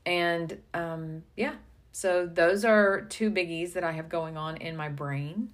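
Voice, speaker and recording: A woman co-hosting a casual business podcast as a coach, thinking aloud with pauses and some stammering. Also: on the low side, steady tone.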